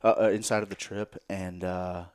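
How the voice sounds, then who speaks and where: A man telling a story as a podcast guest in casual, animated talk, swearing freely and sometimes dropping to a near-whisper. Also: low-pitched, normal speed, smooth.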